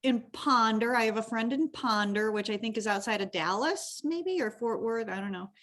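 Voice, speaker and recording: A woman's voice: a little high, normal speed, a bit bright. A woman hosting a podcast, chatting casually and emotionally with her guest, often restarting her sentences. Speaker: podcast host. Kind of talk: casual interview chat.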